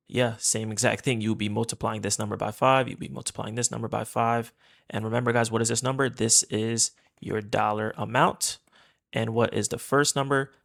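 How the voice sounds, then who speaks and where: Man, trading instructor, gravelly voice, chatty, repeats himself, casual tutorial. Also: medium pitch, fairly bright tone. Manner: chatty, repeats points, keeps addressing viewers as guys. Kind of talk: casual screen-share tutorial.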